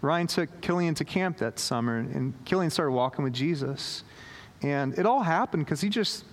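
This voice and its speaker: A man's voice: a little high, lively intonation, normal speed. A man preaching a sermon, telling a story with lots of fillers and restarts and acting out the quoted voices. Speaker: pastor. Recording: long hall reverb.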